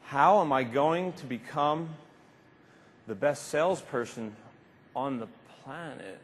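A man's voice: medium pitch, takes it slowly. Man giving a keynote in a big hall. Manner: animated, emphatic, acts out little scenes. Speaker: keynote speaker. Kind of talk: motivational keynote speech. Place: large convention hall. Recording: reverberant hall, faint background noise.

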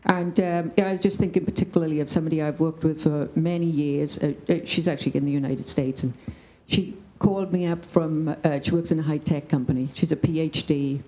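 A woman's voice: low voice, fairly even intonation, brisk, dark tone, rough recording. A woman speaking on a discussion panel, telling a story emphatically and checking in with "right?".

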